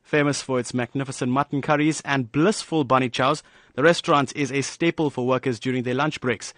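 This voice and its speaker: A man's voice: mid-range voice, steady tone, fairly quick, a bit bright, no room sound. Man reading an upbeat news feature. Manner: polished, upbeat feature delivery. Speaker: news reporter. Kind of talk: scripted news narration.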